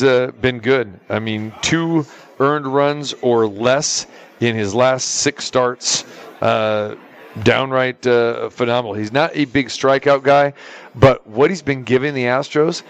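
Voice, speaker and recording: A man's voice: mid-range voice, measured pace. A man co-hosting a sports betting talk show, reeling off stats casually with many fillers. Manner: lots of "uh" fillers, reels off stats.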